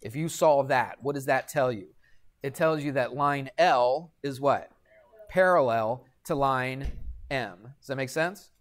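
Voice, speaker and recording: In a classroom lecture, a middle-aged man teaches high school math at a slightly slow pace, his pitch medium. He asks his students questions, supplies the answers himself, and tosses in jokes along the way.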